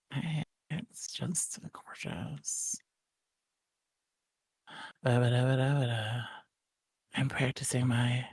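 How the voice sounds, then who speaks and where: Guy doing a whispered role-play asmr host, breathy and slow, super dry sound. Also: medium pitch, darkish tone, dry recording, heavily acted. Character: mock ASMR host, adult man, soft and drowsy.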